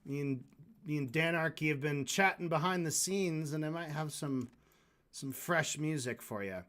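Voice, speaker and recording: A man's voice: fairly high pitch, moderate pace, fairly bright tone. A man hosting a livestream, reacting to clips with sarcastic, casual commentary. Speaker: livestream host.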